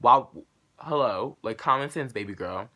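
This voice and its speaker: Bright-voiced sassy young man vlogging. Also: measured pace. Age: late teens. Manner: animated, profane, sassy storytelling; acts out dialogue with big jumps in pitch and loudness. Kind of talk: casual storytime vlog.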